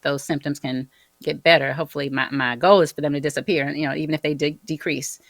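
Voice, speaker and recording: A woman's voice: low voice, steady tone, fast talker, no room sound. A woman guest on a podcast, telling stories animatedly and acting out the people she quotes. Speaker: neurofeedback practitioner, guest. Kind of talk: conversational interview.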